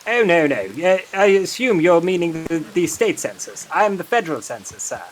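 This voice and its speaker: A man plays a polite, fussy Old West census taker with a British accent, overly formal and constantly calling people sir, though he swears when startled. His voice sits high, sing-song and a little fast.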